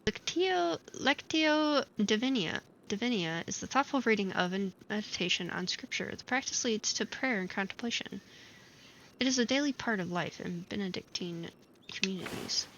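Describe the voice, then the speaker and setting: A woman streamer playing a game, reading every character's lines aloud in her own voice and adding quick casual asides. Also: mid-range voice, a bit bright, highs cut off, a little hiss or hum. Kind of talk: let's play, reading game dialogue aloud.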